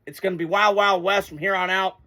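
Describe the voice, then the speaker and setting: A man's voice: high-pitched, steady tone, a little fast, pushed and bright. A man hosting a casual sports reaction video, talking in a blunt, fired-up way and swearing freely.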